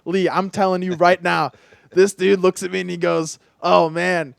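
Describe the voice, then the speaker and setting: A young adult man hosting a podcast, telling stories in a casual, animated way with lots of "like". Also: high-pitched, normal speed, vocal fry, no room sound, clean studio sound. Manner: animated storyteller, heavy use of "like". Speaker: podcast host. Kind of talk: casual chat.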